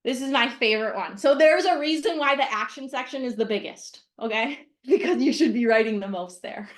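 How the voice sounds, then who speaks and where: A woman's voice: fairly high pitch, brisk. A middle-aged woman teaching a mindset lesson on a video call. She speaks bluntly and casually, stresses each point and keeps checking in with "okay?". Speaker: mindset coach.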